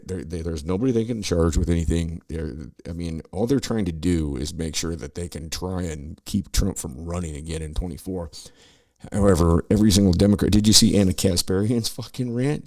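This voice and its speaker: A man's voice: low voice, a little fast, a little mellow, no echo. A middle-aged man hosting a podcast, ranting and swearing sarcastically while reacting to news clips. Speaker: podcast host. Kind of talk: profane political commentary over news clips.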